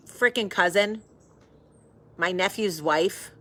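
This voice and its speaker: A woman's voice: a little high, lively intonation, normal speed, sharp tone. A woman from the hosting a casual live video chat with viewers, effusive and chatty. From American South. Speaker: host.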